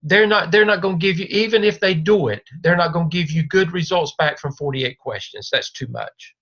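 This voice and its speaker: A man's voice: fairly high pitch, brisk, a bit bright. Man coaching a student over a video call. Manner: reassuring, repetitive, coaching. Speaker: doctoral advisor. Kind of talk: one-on-one video call mentoring. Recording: dull lo-fi video call audio.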